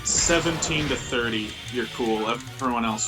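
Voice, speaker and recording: A man in a casual gaming chat, speaking haltingly and swearing crudely. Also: mid-range voice, lively intonation, music in the background.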